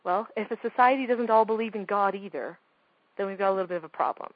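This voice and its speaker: A woman's voice: mid-range voice, quick pace, dry recording, lo-fi sound. A woman giving a talk on parenting, speaking emphatically and firing off rhetorical questions. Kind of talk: talk to an audience.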